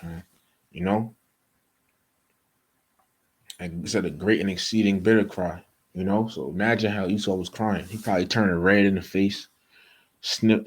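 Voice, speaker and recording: A man's voice: deep voice, breathy edge, rough recording. A man teaching a bible study in a casual, conversational way, reading verses aloud and often checking in with "okay?" and "you know".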